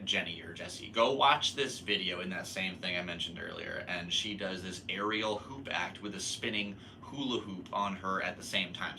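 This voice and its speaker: A man's voice: sits low, sharp tone, a little hiss or hum. A young man hosting a podcast, telling a long story in a rambling, laid-back way and laughing at himself. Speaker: podcast host. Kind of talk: casual storytelling monologue.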